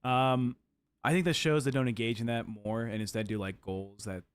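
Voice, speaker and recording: A man's voice: mid-range voice, steady tone, normal speed, smooth, no room sound. A man co-hosting a livestream, chiming in with wry jokes and comments. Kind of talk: casual livestream chat.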